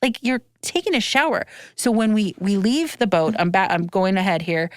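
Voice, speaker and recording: A middle-aged woman hosts a podcast, telling travel stories with a lot of swearing and plenty of fillers. Her voice sits at an ordinary pitch for a woman. The sound is dry and close, with no room echo. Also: moderate pace. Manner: profane, animated storytelling with lots of fillers. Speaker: podcast host.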